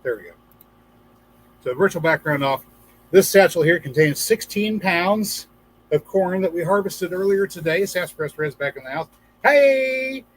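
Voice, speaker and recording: A man's voice: high-pitched, expressive, normal speed, low-quality recording. A man hosting a casual livestream for gardeners, chatting, reading viewer comments aloud and telling jokes with a few acted-out voices. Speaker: livestream host.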